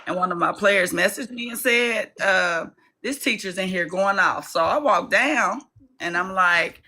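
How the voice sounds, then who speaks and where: A woman's voice: on the low side, normal speed, sharp tone, poor audio. A woman coach, telling a personal story in casual conversation with fillers. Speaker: coach and guest.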